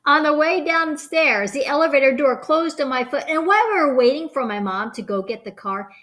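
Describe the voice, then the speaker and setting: Woman, storybook reading aloud, playful, expressive, stops to chat about the pictures, somewhat high voice. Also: a little fast. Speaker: storybook reader.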